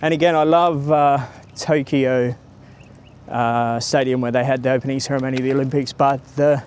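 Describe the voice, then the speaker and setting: A man's voice: medium pitch, fairly even intonation, moderate pace, darkish tone, a little hiss or hum. A man giving a chatty, rambling walking-tour vlog outdoors by a stadium, filming on a handheld camera or phone and greeting passers-by. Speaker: travel vlogger.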